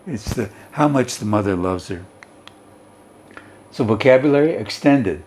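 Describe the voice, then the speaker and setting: A man's voice: on the low side, lively intonation, measured pace, darkish tone. A male teacher reading and explaining a story, who keeps checking in with his students.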